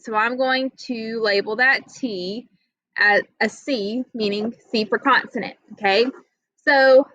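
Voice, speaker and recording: Bright-voiced woman teaching a reading lesson. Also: fairly high pitch, dry recording. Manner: patient, step-by-step explaining with frequent "okay?" checks. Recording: dull lo-fi audio.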